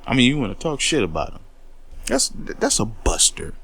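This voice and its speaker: A man's voice: medium pitch, wildly swooping pitch, moderate pace, gravelly, a bit bright, husky. A man in a heated, profane monologue, taking on critics with repeated words and a confrontational edge. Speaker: commentary host.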